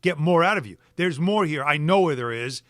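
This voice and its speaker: Bright-voiced middle-aged sports radio host. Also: male voice, a little high, fairly quick, no echo, studio quality. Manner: animated, questioning, stumbles into restarts. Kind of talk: sports talk debate. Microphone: studio microphone.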